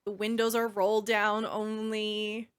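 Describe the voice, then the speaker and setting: A woman's voice: medium pitch, monotone, slow pace, smooth. A woman player in a tabletop game, describing details with enthusiasm. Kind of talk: casual tabletop play.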